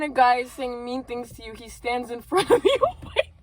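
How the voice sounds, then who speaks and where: A woman's voice: fairly high pitch, animated, normal speed, heavy background noise. A young woman reading her old fan fiction aloud. She keeps breaking off into giggles and restarting sentences. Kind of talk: reading aloud between bursts of laughter.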